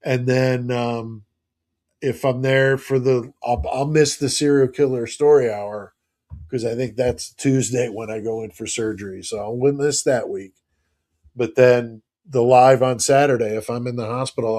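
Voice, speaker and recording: A man's voice: mid-range voice, darkish tone. A middle-aged man hosting a live stream, chatting casually and rambling as he reads out viewer comments.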